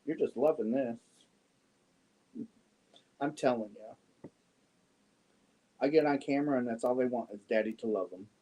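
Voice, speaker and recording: A man's voice: mid-range voice, normal speed, pauses often, warm tone. A man hosting a crochet livestream, chatting casually, reading viewer comments and cooing to his cats. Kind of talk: casual chat while crocheting.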